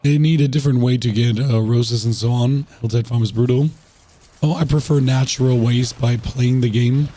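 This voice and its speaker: A man's voice: medium pitch, steady tone, moderate pace, warm tone, no echo. A man who has lost his voice, chatting casually to viewers while streaming a game, rambling and asking them rhetorical questions. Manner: rambling, repeats himself, asks chat rhetorical questions.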